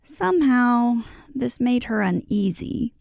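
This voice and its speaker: Woman narrator for a classic children's storybook: unhurried and lilting, with a mellow, gravelly tone. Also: medium pitch, no echo, clean studio sound. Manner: expressive, lilting delivery that voices the characters. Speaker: audiobook narrator.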